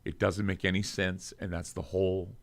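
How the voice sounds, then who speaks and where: A man's voice: deep voice, little pitch movement, normal speed. A middle-aged American man hosting his show, speaking in an emotional monologue to viewers, choking up as he talks, earnest and heartfelt. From United States. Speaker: radio show host.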